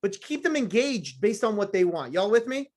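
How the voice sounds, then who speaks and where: A man with a notably high-pitched voice delivers a live motivational talk to a sales team. He is blunt and profane, teases his listeners, and hammers his points home in short, repeated phrases. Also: very animated, a little fast. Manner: blunt, profane, fired-up, teasing the audience; repetitive punchy phrasing. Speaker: motivational speaker.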